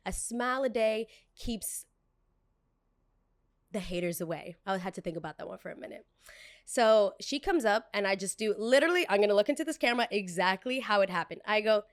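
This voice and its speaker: A young woman tells a story from her job in a loose, chatty podcast style. She acts out each quoted person, jumping up in pitch and volume for the dramatic lines. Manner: animated, acts out quotes with shifting voices. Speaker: podcast host.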